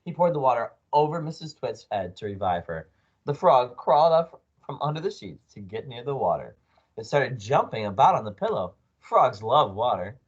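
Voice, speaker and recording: A man reading a children's book aloud as storyteller, expressive with small slips. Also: mid-range voice, moderate pace, slightly rough, dull audio. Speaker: storyteller, read-aloud narrator.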